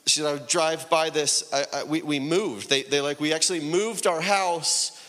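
A man's voice: a little high, steady tone, normal speed, a bit bright, long reverb tail. A man preaching a sermon, telling a story loosely with many fillers and then building to fervent, rising exhortation.

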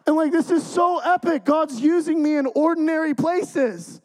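High-voiced man preaching with lively swings. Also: normal speed, low-quality recording. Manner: animated storytelling, swings from hushed to loud and excited. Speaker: preacher sharing testimony. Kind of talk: energetic testimony sermon.

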